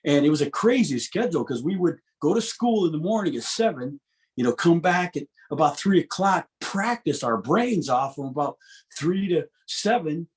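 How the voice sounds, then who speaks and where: In an interview, a man in his fifties who plays music shares stories at a moderate pace with a fairly high voice. His delivery is animated, full of restarts, with laughter between tales.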